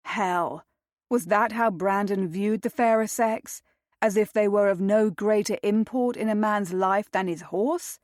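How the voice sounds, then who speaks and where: A woman reading a romance novel aloud in measured, even scripted narration. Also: medium pitch, no echo, studio quality. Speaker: audiobook narrator.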